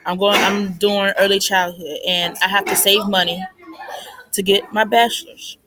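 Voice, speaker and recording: A woman's voice: medium pitch, steady tone, normal speed, background noise. A young woman giving money advice in a casual, unscripted monologue, chatty and repetitive, with lots of "like" and "I mean.". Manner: chatty, repeats points, fillers like "like" and "I mean". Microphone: phone recording.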